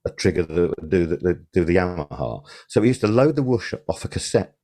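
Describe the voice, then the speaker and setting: An older man spins rambling stories in a relaxed podcast interview, stopping often for fillers and restarts. His voice sits low. The tone is dark and mellow. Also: brisk. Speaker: podcast guest, sound supervisor. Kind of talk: casual interview.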